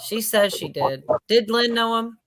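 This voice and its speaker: A woman's voice: on the high side, expressive, a little slow, a crowd in the background. A woman from Louisville with a Kentucky accent, chatting playfully and laughing often. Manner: giggly, playful. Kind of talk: casual chat.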